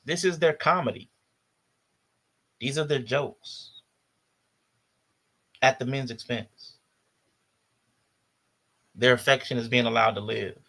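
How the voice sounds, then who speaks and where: A man's voice: medium pitch, slow pace, vocal fry, pauses often, fairly bright tone. A man hosting a podcast, giving blunt, disdainful commentary on video clips and repeating his points for emphasis. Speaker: podcast host.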